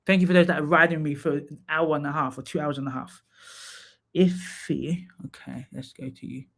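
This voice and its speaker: A man's voice: fairly high pitch, fairly even intonation, normal speed, creaky, fairly bright tone. A man hosting a live stream, giving candid, chatty feedback and calling viewers by name. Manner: drops into sung snatches and playful asides. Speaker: live stream host reviewing profiles. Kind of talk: casual live stream chat.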